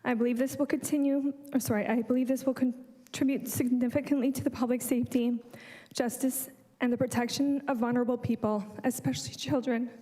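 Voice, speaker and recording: Public delegate, woman, high voice, earnest prepared statement, self-correcting, in a reverberant chamber. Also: steady tone, a little fast, hardly any pauses, mellow. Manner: earnest, apologizes and corrects herself mid-sentence. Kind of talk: reading a prepared statement to council. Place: council chamber lectern.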